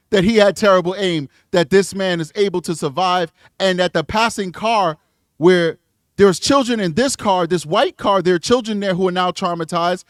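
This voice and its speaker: A man's voice: sits high, dry recording, clean studio sound. A man giving blunt, emphatic commentary on a true crime video, talking back to the clips he plays. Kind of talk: casual reaction commentary.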